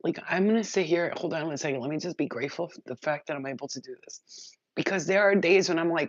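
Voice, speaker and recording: Speaking directly to her viewers, a female spiritual reader delivers an emotional channeled message, excited and rambling, worked up, and tossing in the odd casual curse. Her voice sits lowish and moves fairly quickly. The recording is dry and close with no room sound, and slightly dull and muffled.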